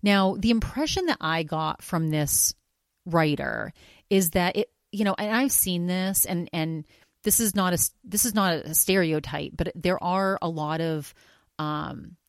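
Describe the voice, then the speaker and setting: Rambling, animated woman podcast host. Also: lowish voice, measured pace, no echo, clean studio sound. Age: older than college age. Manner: rambling, animated, many restarts. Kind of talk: casual podcast monologue.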